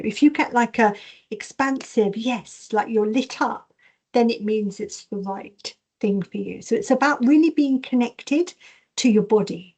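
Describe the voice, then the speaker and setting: A woman teaching an online masterclass on intuition. She reads questions from the chat aloud and acts out her inner voices with lively changes of tone. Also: on the high side.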